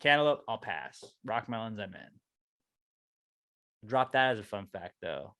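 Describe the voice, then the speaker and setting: A man co-hosting a podcast in casual chat, playful and swinging from loud outbursts to mumbled asides. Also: fairly low pitch, very animated, takes it slowly, dry recording, clean studio sound. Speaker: podcast co-host. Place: podcast studio.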